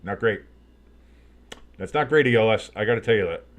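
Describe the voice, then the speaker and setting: A man's voice: fairly low pitch, fairly quick. A man giving casual, joking play-by-play commentary of a live game as a streamer, rising with the big plays and chatting to his viewers. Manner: excitable, joking, talks to chat.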